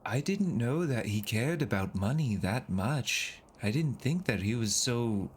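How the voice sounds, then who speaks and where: Chatty playful player, voice bounces all over, lots of questions. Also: male voice, mid-range voice, lively intonation, a little slow, husky. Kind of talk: casual tabletop role-play.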